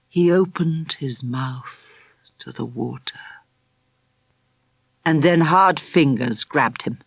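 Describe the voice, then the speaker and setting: A male narrator reads a tense chapter with vivid, dramatic storytelling. His voice sits a bit high for a man, recorded close to the mic in a dry studio with no room sound. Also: slow pace, long pauses, no room sound. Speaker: audiobook narrator. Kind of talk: scripted narration.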